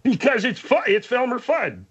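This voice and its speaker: A man playing a husky, muddled, contrary male studio sidekick who argues in circles. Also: very high-pitched, big pitch swings, moderate pace, a bit bright, lo-fi sound, pitched above the performer's own voice, full character voice.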